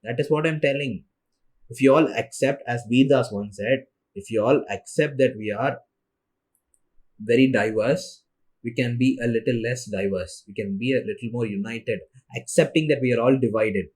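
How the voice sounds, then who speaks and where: A young man, a native Tamil speaker, talks alone into his podcast in a loose, rambling way. He sounds tired and sleepy, trails off and restarts his sentences, at an ordinary mid pitch for a man. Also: normal speed, darkish tone, slightly rough. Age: young adult. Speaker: solo podcast host. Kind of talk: casual monologue.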